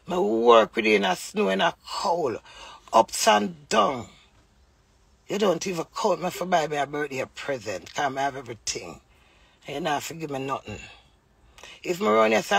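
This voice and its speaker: A woman's voice: lowish voice, lively intonation, normal speed, vocal fry, breathy edge, no room sound. A Jamaican woman on a livestream delivers a heated, scolding rant in patois.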